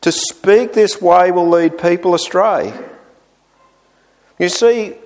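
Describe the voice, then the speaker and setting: Casting note: male preacher, slightly high voice, slow deliberate delivery, expressive. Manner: expressive, rises high when voicing the psalmist's complaints. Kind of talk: sermon.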